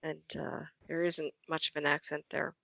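A woman's voice: deep voice, level tone, normal speed, gravelly, sharp tone, no room sound. A woman from Rhode Island co-hosting a casual podcast chat, often apologizing and stumbling over restarts. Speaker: podcast co-host.

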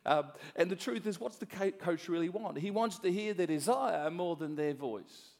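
A middle-aged man from Australia preaching a sermon as a pastor, swinging between soft asides and loud emphasis. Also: sits high, normal speed, gravelly.

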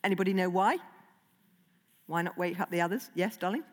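A woman's voice: fairly low pitch, fairly quick. A woman children's author talking playfully to a young audience, asking them questions and reading aloud. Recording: long hall reverb.

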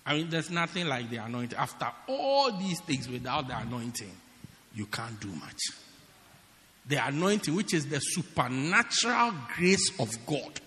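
A man preaching a sermon as pastor, emphatic and repetitive, swinging from shouts to hushed words. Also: mid-range voice, in a large hall. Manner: emphatic, repeats phrases for stress, swings between shouting and hushed tones. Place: church.

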